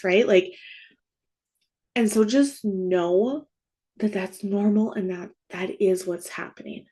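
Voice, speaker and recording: A woman's voice: mid-range voice, takes it slowly, mellow, slightly rough. A woman in her thirties hosting a faith-based grief podcast, talking casually and often checking in with "right?" and "okay?". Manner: conversational, frequent "like" and "right?" check-ins. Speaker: grief coach and podcast host. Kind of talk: casual spoken podcast teaching.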